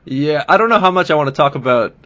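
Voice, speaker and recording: A man hosting a podcast, asking questions in a relaxed, casual way and often restarting his words. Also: fairly high pitch, fast, highs cut off. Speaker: podcast host.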